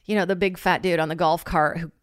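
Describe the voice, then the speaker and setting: A woman hosting a podcast, telling a funny story in a lively, casual way, swearing freely and acting out what people said. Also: lowish voice, quick pace, dry recording, studio quality. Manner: animated, swears freely, acts out quotes. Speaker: podcast host.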